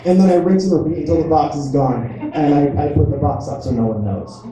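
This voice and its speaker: A man's voice: on the high side, lively intonation, fast, over a noisy crowd. A man doing a stand-up comedy set, rambling and self-mocking as he acts out little voices. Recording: echoey room picked up from a distance.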